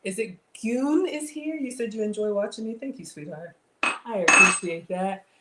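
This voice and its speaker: A woman's voice: mid-range voice, moderate pace, bright, forceful tone, roomy sound. A middle-aged woman, hosting a live cooking stream and chatting casually with viewers, reading their comments aloud. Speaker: livestream cooking host. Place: home kitchen.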